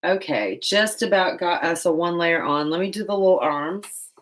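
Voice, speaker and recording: A woman's voice: fairly low pitch, normal speed. A woman vlogger chatting casually while painting, rambling and laughing often.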